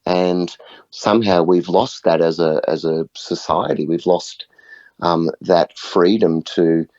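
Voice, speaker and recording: Low-voiced earnest man. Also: steady tone, slow, mellow, dry recording. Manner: earnest, storytelling, frequent "right?" checks. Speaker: guest, music facilitator. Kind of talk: conversational podcast interview. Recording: muffled, dull audio.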